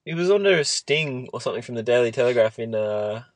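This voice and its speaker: An Australian man talking as a podcast host in a mid-pitched, everyday voice. He rambles easily and breaks into laughter often. The sound is close and dry, with no room around it. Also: animated, fast talker, no room sound. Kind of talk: casual sports chat.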